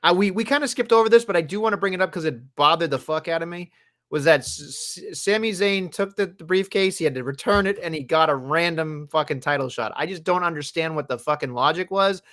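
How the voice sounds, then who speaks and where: A man's voice: a little high, fairly quick, fairly bright tone. A man co-hosting a casual wrestling podcast, talking in an exasperated, profane way. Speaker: podcast co-host.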